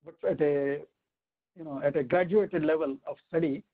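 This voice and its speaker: A man's voice: on the high side, fairly even intonation. Man teaching over a tinny line. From India. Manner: explains step by step, asking rhetorical questions and reciting Sanskrit verses slowly. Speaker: teacher of a scripture class. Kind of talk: weekly online scripture lesson.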